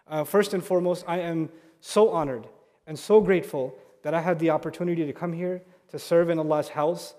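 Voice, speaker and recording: A man preaching to a congregation inside a mosque, his voice sitting high for a man. He builds earnestly through repeated phrases and rhetorical questions. The sound rings with a long hall reverb. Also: darkish tone. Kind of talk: sermon.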